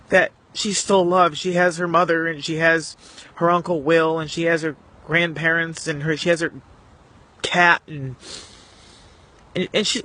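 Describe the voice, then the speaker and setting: A man with a slightly high, bright and forceful voice tells his own story to the camera. He speaks earnestly and emotionally, often halting and restarting as he searches for the words. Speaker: vlogger. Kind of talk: personal story told to camera.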